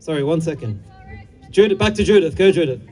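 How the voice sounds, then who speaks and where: A man emceeing an outdoor street rally, shouting call-and-response chants and making brisk announcements between speakers. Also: on the high side, animated, soft background music. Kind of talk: leading protest chants. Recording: loud crowd and street noise.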